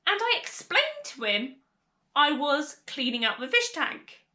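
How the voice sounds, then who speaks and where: A young woman with a high, bright voice tells a story to camera in an unhurried, chatty way, laughing now and then. She sounds like she is in an echoey room. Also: huge pitch swings. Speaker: vlogger. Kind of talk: casual storytime vlog.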